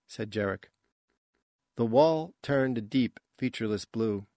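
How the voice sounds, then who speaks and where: A man giving scripted audiobook narration in a measured, even tone. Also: lowish voice, dry recording, clean studio sound.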